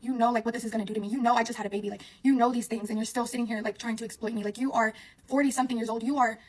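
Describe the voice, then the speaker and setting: A young woman talks straight to her viewers in a fast, breathless rush. Her voice sits a little high, and her story keeps circling back on itself through constant "like"s and casual swearing. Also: fairly even intonation. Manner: rambling, heavy use of "like", frequent swearing. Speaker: vlogger.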